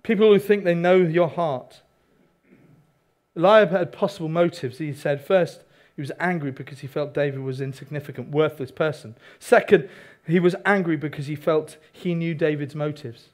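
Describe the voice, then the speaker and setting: A man preaching a sermon, animated, with asides to the congregation. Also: on the high side, moderate pace. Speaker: pastor.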